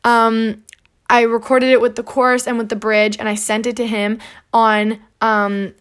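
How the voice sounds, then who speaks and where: A woman's voice: on the high side, little pitch movement, unhurried, fairly bright tone, clear, resonant tone. A young woman hosting a podcast, chatting casually and acting out back-and-forth dialogue, with lots of "like". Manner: chatty, peppered with "like", acts out quoted dialogue. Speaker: podcast host. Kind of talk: casual storytelling monologue.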